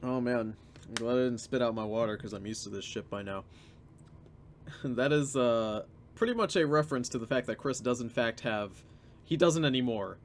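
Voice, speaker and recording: A man's voice: medium pitch, expressive, moderate pace, slight background noise. A man hosting a reaction commentary, sardonic and drawing out his points. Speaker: commentary host.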